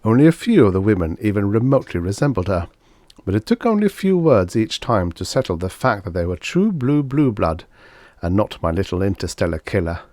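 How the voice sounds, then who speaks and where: A man narrating an audiobook in a sardonic, knowing tone. His voice sits on the low side and is recorded dry and close. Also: a little mellow, dry recording. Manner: wry, sardonic first-person storytelling.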